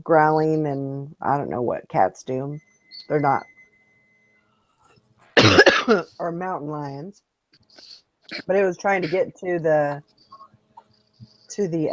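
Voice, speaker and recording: A woman hosts a casual online morning chat in a low, unhurried voice. She rambles through stories, often restarting her sentences. The sound is dry and close, with no room echo. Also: highs cut off. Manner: rambling, chatty storytelling with restarts. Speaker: host of a morning hangout show. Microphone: online video hangout.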